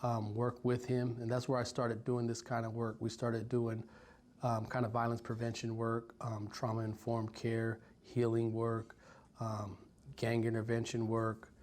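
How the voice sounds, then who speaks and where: A man in his forties from Stockton, California, recounts his life in an interview. He speaks in a halting, reflective way with frequent ums and restarts, and his mid-range pitch barely rises or falls. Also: completely flat delivery, darkish tone. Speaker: violence prevention worker. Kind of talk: personal story told in an interview.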